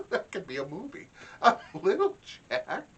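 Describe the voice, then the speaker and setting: A middle-aged man telling a comic story in a mock-indignant, animated way. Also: high-pitched, normal speed, husky, highs cut off. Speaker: comedy vlogger. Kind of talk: comic monologue.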